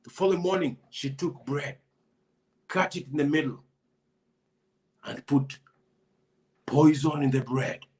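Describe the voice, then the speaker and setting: A male storyteller narrating a folk tale with unhurried, deliberate pacing. He repeats phrases for rhythm and puts questions to his audience. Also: a little high, a little mellow. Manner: repetitive, call-and-response delivery.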